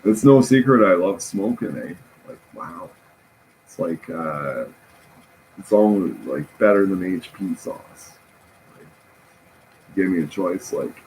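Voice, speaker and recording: A man talking in a rambling, halting casual monologue, often laughing at his own jokes. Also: deep voice, animated, a little mellow, slight background noise, low-quality recording.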